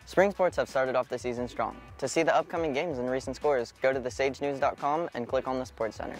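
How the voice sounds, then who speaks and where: A teenage boy reading sports and school announcements from a script in a plain, even voice. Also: medium pitch, a little fast, faint music behind. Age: teens. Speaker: sports reporter.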